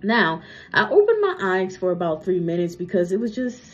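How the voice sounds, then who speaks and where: With a medium-pitched voice that swings widely in pitch, a young woman speaks at a normal speed while giving a casual psychic reading. Her talk is chatty, full of "right?" and "okay?", and slightly slurred from a retainer. The audio is muffled and lo-fi.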